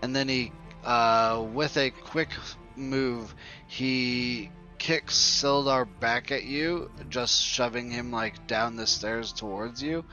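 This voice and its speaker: A man running a tabletop game as dungeon master, narrating scenes and ruling on rolls in a relaxed, unhurried way. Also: medium pitch, highs cut off, soft background music.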